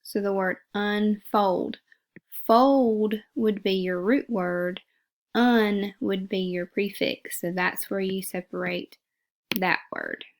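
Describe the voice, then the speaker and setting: A woman's voice: mid-range voice, steady tone, slow pace. A woman teacher giving a phonics lesson, patiently repeating words and sounding them out syllable by syllable.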